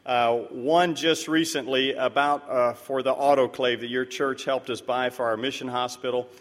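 Brief: man, mid-pitched, speaking as a missionary in a church, lively storyteller, reverberant hall sound. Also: normal speed. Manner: storytelling, animated and earnest. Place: church sanctuary.

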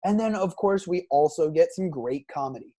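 Enthusiastic, halting film-talk co-host. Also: mid-range voice, animated, crowd noise. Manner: enthusiastic, halting with fillers and restarts. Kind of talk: casual film discussion.

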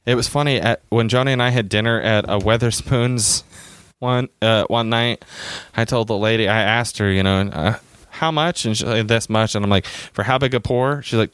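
A woman's voice: very deep voice, clear, resonant tone, no room sound. A woman from the United States co-hosting a casual podcast, telling a rambling, hesitant story. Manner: rambling and hesitant, with restarts and laughs. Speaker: podcast co-host.

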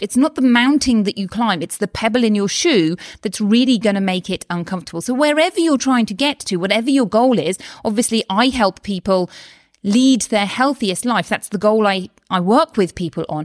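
A woman's voice: mid-range voice, dry recording, studio quality. A woman, talking casually and animatedly as a health coach on her solo podcast. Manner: chatty and animated, with frequent exclamations and quick asides. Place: lives in Spain.

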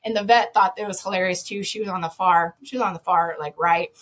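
A woman, a podcast guest, telling an animated story with lots of laughter, sudden loud shouted quotes and many restarts. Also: on the low side, quick pace. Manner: lively, laughing, jumps to loud shouts when quoting herself.

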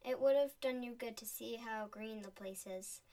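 A woman voicing a gentle, grieving poor father in a storybook reading. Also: on the high side, moderate pace, close to an everyday voice. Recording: voice a bit distant from the mic.

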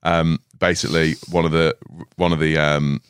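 A man's voice: extremely low pitch, flat delivery, normal speed, clean tone, no room sound, clean studio sound. A man, a carp angler guest on a podcast, telling a rambling story with frequent laughs and restarts. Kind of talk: casual storytelling chat. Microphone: studio podcast mic.

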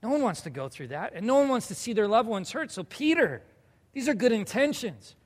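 Young male pastor with a high voice, chatty preaching style, recorded in a reverberant hall. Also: sing-song, brisk. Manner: conversational preaching, asks the audience questions. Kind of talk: sermon.

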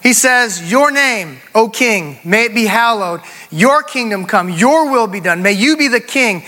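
A man's voice: sits high, expressive, unhurried, pushed and bright. A middle-aged man preaching a sermon, driving points home with emphatic repetition and calling for responses from the congregation. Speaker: pastor.

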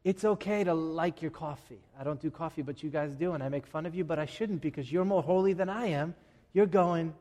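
A man preaching a sermon as pastor, animated and joking, swinging between loud shouts and quiet asides. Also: a little high, fairly quick. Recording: long reverb of a large hall.

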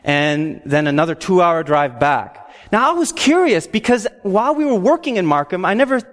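A man telling a personal faith testimony in an animated, excitable way, with frequent "okay?" asides. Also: high-pitched, normal speed, in a large hall. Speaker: speaker sharing a faith testimony.

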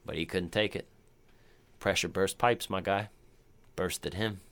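A man co-hosting a casual movie review chat, animated and swearing freely, often acting out lines in silly voices. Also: low voice, measured pace. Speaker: podcast co-host.

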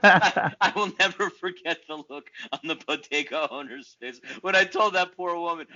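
A man's voice: on the high side, moderate pace, hardly any pauses, lo-fi sound. A man from Queens, New York, co-hosting a casual sports podcast and telling stories with frequent laughs. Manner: laughing, animated storyteller. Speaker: podcast co-host.

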